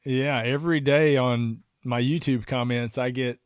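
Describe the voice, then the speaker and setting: A man's voice: mid-range voice, steady tone, a little slow, clear, resonant tone, no echo, studio quality. A man from Texas co-hosting a podcast in casual chat, easygoing and laughing as he talks. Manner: easygoing, laughs while talking. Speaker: podcast co-host.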